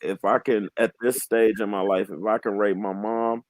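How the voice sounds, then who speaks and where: A man in his late twenties with a fairly low voice speaks openly and from the heart as a panel guest. He is earnest and halting, and he restarts his sentences as he works through his thoughts. The sound is dry and close, with no room echo. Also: steady tone. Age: 20s. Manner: heartfelt, emotionally open. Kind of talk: candid panel conversation.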